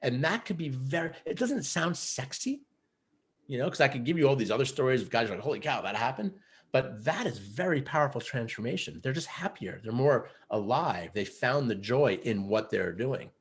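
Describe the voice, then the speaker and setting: A man coaching other men, telling stories in a casual interview, earnest and animated, with many fillers like "you know" and "like". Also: medium pitch, normal speed. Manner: earnest, animated storyteller who acts out quotes. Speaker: guest, men's coach.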